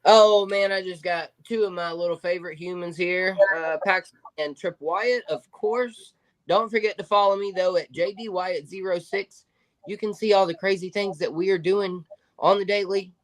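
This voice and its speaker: A man's voice: high-pitched, fairly even intonation, moderate pace, low-quality recording. A man co-hosting a sports podcast, upbeat and full of hype. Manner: upbeat, hype, sign-off energy. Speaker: podcast co-host. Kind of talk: casual sports podcast chat.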